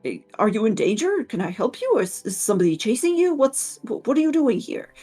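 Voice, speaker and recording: A woman's voice: a little high, very animated, fairly quick, dark tone, breathy edge, soft background music, pitched above the performer's own voice. A woman voicing a kindly, fussy elderly man wrapped in cloths, stammering and doting in a tabletop game. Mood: concerned.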